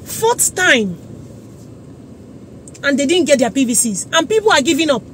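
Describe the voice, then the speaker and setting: A woman's voice: high-pitched, very animated, normal speed. A young Nigerian woman with a Nigerian accent, ranting angrily into her phone in an exasperated vlog outside a busy government office. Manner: indignant, exasperated, repeating herself. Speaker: vlogger. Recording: crowd and traffic noise behind.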